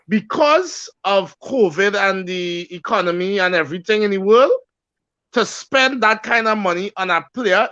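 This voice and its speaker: A man's voice: sits high, pushed and bright, no room sound. A man giving emphatic, opinionated football talk as a co-host. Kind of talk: casual football chat. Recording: dry dull lo-fi audio.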